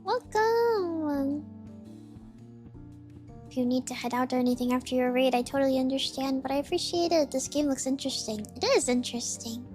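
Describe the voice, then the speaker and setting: High-voiced woman streaming a game. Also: steady tone, a little mellow, faint music behind. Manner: reads game characters' lines in quick playful voices. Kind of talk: game stream, reading dialogue aloud.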